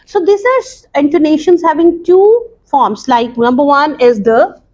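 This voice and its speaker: Woman English teacher, high voice, slow, deliberate lesson delivery. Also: darkish tone, highs cut off. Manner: slow, deliberate explaining with many pauses and repeats. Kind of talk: recorded classroom lesson.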